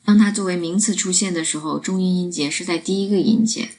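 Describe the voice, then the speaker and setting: Woman teaching pronunciation, low voice. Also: fairly even intonation, fast talker, hardly any pauses, darkish tone. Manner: clear, instructive, demonstrates sounds. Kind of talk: explaining pronunciation.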